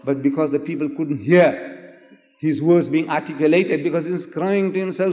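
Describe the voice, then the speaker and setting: An older man, preaching in an impassioned lecture that swings from loud emphatic cries to hushed asides. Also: fairly high pitch, normal speed. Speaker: Islamic preacher in debate. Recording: echoey hall, dull old lecture tape.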